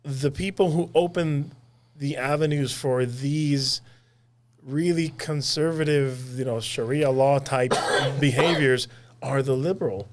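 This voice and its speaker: A man's voice: mid-range voice, measured pace, background noise. A man from Puerto Rico, a guest commentator in a casual political podcast chat, talking emphatically and repeating words as he builds up.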